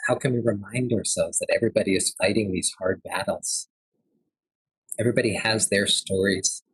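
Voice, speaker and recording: Sex: man. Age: 30s. Role: forum speaker. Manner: conversational, earnest. Sound: dry, husky. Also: on the low side, dry recording, poor audio. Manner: earnest, conversational, with frequent fillers. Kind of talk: storytelling lecture.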